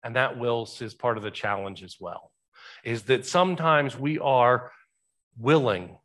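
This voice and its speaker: Bright-voiced man preaching a sermon. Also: mid-range voice, a little slow. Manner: conversational, rhetorical questions, shifting emphasis. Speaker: pastor.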